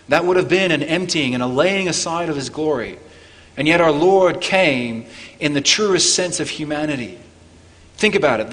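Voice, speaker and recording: A man preaching a Christmas sermon as pastor, earnest, climbing for emphasis and falling low and quiet on key points. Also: in a large hall. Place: church.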